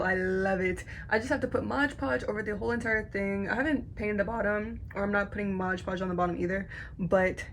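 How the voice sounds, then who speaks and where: A young woman chatting casually while crafting, talking excitably with lots of filler words into a phone camera at home. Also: medium pitch, a little fast, a little hiss or hum. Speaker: craft vlogger.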